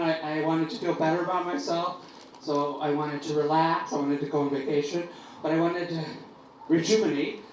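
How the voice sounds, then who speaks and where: A woman doing stand-up comedy with a brash, bawdy, exaggerated delivery on a comedy club stage. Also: fairly low pitch. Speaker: stand-up comic. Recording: echoey club miked from a distance, loud room noise.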